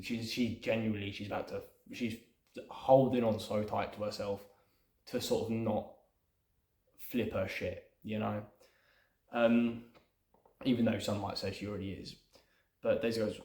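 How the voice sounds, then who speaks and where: A man's voice: lowish voice, steady tone, moderate pace, a little mellow, echoey room. Rambling man talking through his script. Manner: rambling, thinks aloud with many fillers. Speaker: aspiring screenwriter. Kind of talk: casual script breakdown.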